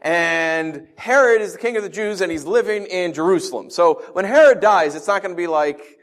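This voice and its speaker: A man's voice: high voice, normal speed. A man preaching a conversational sermon, telling stories and asking his listeners rhetorical questions. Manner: animated storytelling with rhetorical questions. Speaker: pastor.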